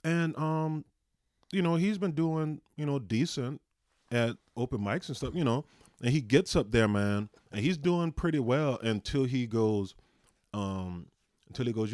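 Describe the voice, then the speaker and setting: A man's voice: medium pitch, expressive, measured pace, darkish tone, dry recording, studio quality. A man co-hosting a comedy podcast, chatting casually with lots of fillers. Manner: laid-back, many fillers and "you know". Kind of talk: casual chat.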